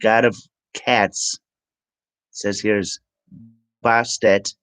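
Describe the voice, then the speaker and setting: A man vlogging and reading aloud from the screen, halting with ums and self-corrections. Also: on the low side, little pitch movement, a bit bright, clean tone, no echo, low-quality recording. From Minnesota. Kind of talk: reading aloud from web pages.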